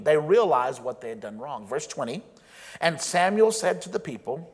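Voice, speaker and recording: Man, pastor, sermon, earnest emphatic delivery, somewhat high voice, long hall reverb. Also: sing-song. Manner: earnest preaching with emphatic stresses and slowed key phrases.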